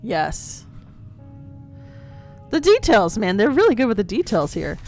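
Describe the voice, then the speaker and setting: A woman's voice: medium pitch, sing-song, unhurried, darkish tone, soft background music. A woman co-hosting a podcast, chatting casually and going off on tangents while reading game text aloud. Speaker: podcast co-host.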